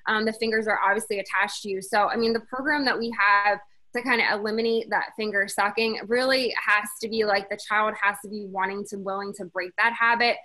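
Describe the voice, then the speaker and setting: A woman's voice: mid-range voice, fairly even intonation, fairly quick, bright, forceful tone. A woman co-presenting in a casual webinar Q&A, answering with lots of fillers and hedges. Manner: casual, hedging, many fillers. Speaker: co-presenter on child habit therapy.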